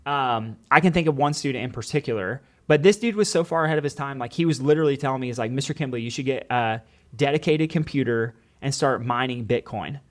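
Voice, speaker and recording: An earnest man talking casually on a podcast, a former teacher with a mid-pitched voice. He tells stories through lots of quoted dialogue and scattered "like"s. He keeps an easy, conversational flow. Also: fast.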